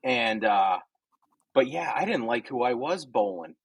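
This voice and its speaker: Man, husky voice, lively swooping pitch, excitable and profane, casual podcast storytelling. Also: unhurried, no echo. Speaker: podcast co-host.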